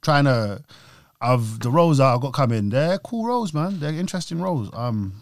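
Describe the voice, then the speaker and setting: A young man with a London accent, chatting casually as an actor guest, animated and slangy, often laughing. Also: mid-range voice, normal speed, no echo. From London, England. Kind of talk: casual chat.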